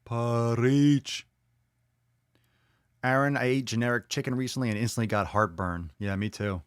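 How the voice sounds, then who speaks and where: A man's voice: fairly low pitch, fast, clear, resonant tone, no echo, studio quality. Blunt, profane male podcast host. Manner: blunt, profane, animated, reads comments aloud and reacts. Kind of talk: casual podcast chat reading viewer comments.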